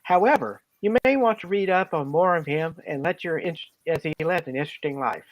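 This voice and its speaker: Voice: medium pitch, expressive, a little fast, no room sound, highs cut off. A podcast co-host reading prepared notes with playful asides.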